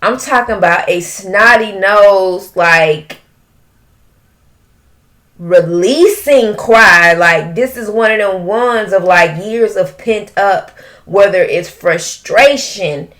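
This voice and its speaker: A woman giving an emotional tarot reading, breaking into drawn-out exclamations. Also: mid-range voice, fairly bright tone. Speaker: tarot reader.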